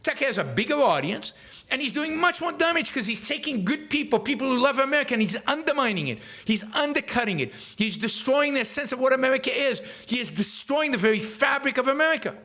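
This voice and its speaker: A man's voice: very high-pitched, lively intonation, fast talker, sharp tone. A man hosting a live show, ranting emphatically and heatedly about public figures. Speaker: podcast host.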